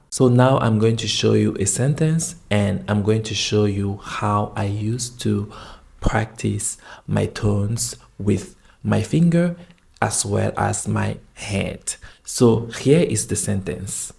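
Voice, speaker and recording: A man with a low, gravelly voice walks through a language lesson at an unhurried pace. He talks slowly and draws out each example sound so learners can follow along. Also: steady tone, a little mellow. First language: not Chinese; learned Chinese as a foreign language. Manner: slow, demonstrative, drawing out tone examples. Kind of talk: instructional video lesson.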